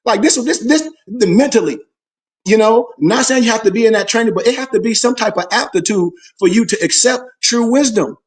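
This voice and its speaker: A man's voice: high voice, fairly quick. A man leads a Sunday school class. He preaches emphatically and with animation, drawing call-and-response answers from his listeners.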